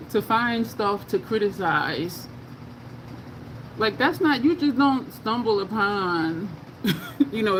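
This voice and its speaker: A woman doing a makeup tutorial, chatting in a casual, expressive way and often laughing as she talks to her viewers. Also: medium pitch, creaky. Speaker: makeup vlogger. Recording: noticeable background noise.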